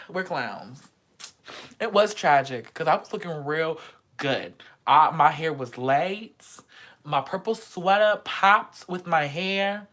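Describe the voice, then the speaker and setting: A young woman vlogging a casual storytime monologue, animated and dramatic, crude and joking. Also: deep voice, slow pace.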